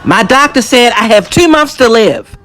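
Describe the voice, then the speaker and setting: A man's voice: extremely high pitch, big pitch swings, normal speed, music in the background. A man doing stand-up comedy with a puppet, laughing at his own jokes and putting on voices. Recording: noisy room with audience crowd.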